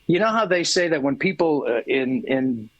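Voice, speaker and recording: A man's voice: on the high side, expressive, moderate pace, no echo, dull audio. Crude, storytelling man, dry sound. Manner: crude storytelling, swears freely. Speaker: guest musician. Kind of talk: casual podcast chat.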